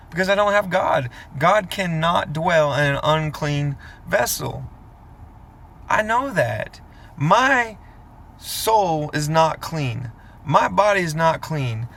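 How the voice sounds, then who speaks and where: Brief: man in his thirties, gravelly voice with a slightly high pitch, rambling and earnest, confessional vlog. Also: fairly bright tone, a little hiss or hum. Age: 30s.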